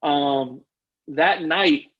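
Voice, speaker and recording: A man's voice: on the high side, extremely slow, slightly rough, lo-fi sound. A man telling a personal story as a podcast guest, earnest and rambling, often restarting his sentences. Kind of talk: casual interview storytelling.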